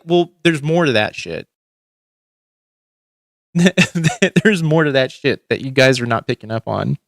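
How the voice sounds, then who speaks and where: A man's voice: medium pitch, sing-song, a little slow, no echo, clean studio sound. A man hosting a livestream, ranting in casual commentary with heavy swearing and frequent restarts. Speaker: livestream host.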